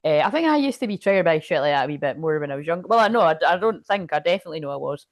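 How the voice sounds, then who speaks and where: A woman's voice: low-pitched, expressive, very fast, dry recording. A woman doing casual live-stream chat as a spiritual reader, telling a rambling story full of swearing.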